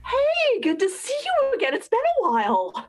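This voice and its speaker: A woman improvising comedy lines over a webcam call, pushing her voice high for comic characters. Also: wildly swooping pitch, normal speed. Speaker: improv player. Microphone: webcam on a video call.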